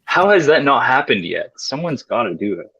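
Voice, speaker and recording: A man's voice: medium pitch, sing-song, normal speed, bright, forceful tone, husky. A man chatting casually on a live stream, joking and often trailing off mid-sentence. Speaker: stream co-host. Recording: dull lo-fi stream audio.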